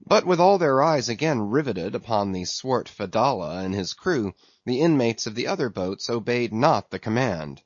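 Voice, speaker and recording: A man narrating an audiobook in a measured, expressive storytelling manner. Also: medium pitch, no room sound. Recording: dry, slightly dull lo-fi recording.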